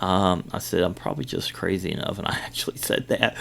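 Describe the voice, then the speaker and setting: Low gravelly man telling a ghost story. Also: lively intonation, fairly quick. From Kentucky. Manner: rambling, many fillers and retold dialogue. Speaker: podcast host. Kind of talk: casual storytelling.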